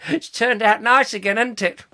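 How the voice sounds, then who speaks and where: A man doing an impression of a cheeky comic singer, crooning a ditty in a slow, jaunty half-sung way. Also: high-pitched, fairly even intonation, bright, forceful tone, clean tone, pitched above the performer's own voice. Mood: jaunty singing.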